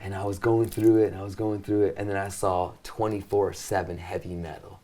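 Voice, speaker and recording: A middle-aged man from the US–Mexico border region, casually telling an excitable, profane story in a chat and acting out the voices in his quotes. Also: low voice, brisk. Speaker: guest.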